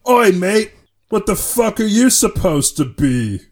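A man's voice: sits high, very animated, a little slow, pitched above the performer's own voice, heavily acted. A man voicing a crude, sneering male customer in an English accent.

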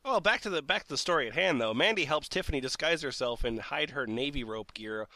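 Bright high-voiced laughing man. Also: lively intonation, a little fast, no echo. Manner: giggly, crude, teasing. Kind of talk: casual comedic riffing.

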